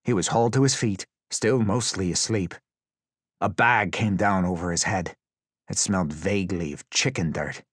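A man's voice: low-pitched, moderate pace, husky, dry recording, studio quality. A man reading a tense story aloud as an audiobook narrator, with intense, vivid storytelling. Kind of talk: scripted dramatic narration.

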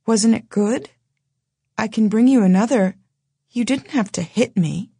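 A woman's voice: on the high side, measured pace, gravelly, warm tone, slightly rough, no echo, clean studio sound, voice pushed up, exaggerated voice. A woman doing a dazed young woman in a sing-song daze. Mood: bewildered. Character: dazed young woman, cheerful waitress patter.

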